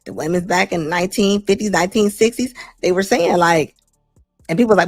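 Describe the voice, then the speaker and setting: A middle-aged woman hosting a talk show, giving blunt, animated opinion commentary and laughing often. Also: lowish voice, normal speed, no echo, soft background music. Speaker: host.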